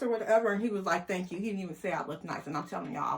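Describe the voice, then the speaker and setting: Woman vlogger, lively storyteller, mid-pitched voice. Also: racing. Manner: animated, quotes people in voices, laughs. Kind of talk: casual storytelling.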